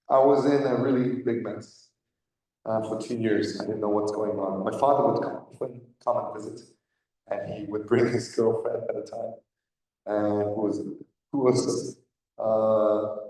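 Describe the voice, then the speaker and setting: A man giving a candid personal testimony at church, talking in a halting way with frequent pauses. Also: on the low side, a little mellow. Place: church hall. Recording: echoey hall, voice from far off.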